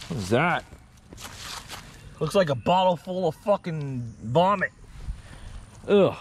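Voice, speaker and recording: A man's voice: a little high, sing-song, slow, pauses often, slight background noise. Crude joking man freestyling outdoors. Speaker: vlogger exploring outdoors. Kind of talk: casual off-the-cuff vlog with freestyle rhymes. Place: outdoors in an open area.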